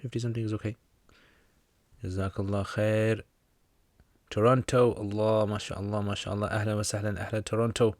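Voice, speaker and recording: A relaxed man with a fairly low voice hosts a casual livestream question-and-answer session, pausing often at a moderate pace. He reads viewer comments and answers religious questions in an easygoing, joking way, and the sound is dry and close with no room echo.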